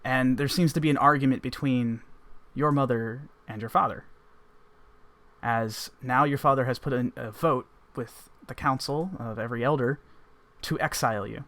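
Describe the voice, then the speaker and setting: A man's voice: medium pitch, normal speed, fairly bright tone. A man running a tabletop game as game master, narrating in a loose, rambling descriptive way.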